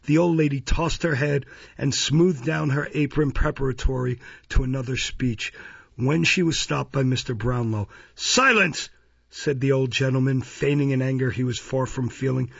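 A male narrator reading a classic novel aloud in a measured, even way. His voice is gravelly and husky, recorded dry and close, with a dull, lo-fi sound. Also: medium pitch, no echo. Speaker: audiobook narrator. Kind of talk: scripted narration.

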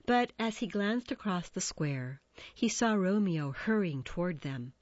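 Slow, expressive woman storyteller. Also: on the low side, dry recording. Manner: expressive, measured. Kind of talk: storybook narration. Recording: dull dry recording.

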